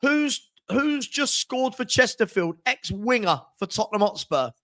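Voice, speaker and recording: A man's voice: extremely high pitch, big pitch swings, unhurried, a bit bright. A man hosting a live football scores show, chatting casually and teasing his panel with quiz questions.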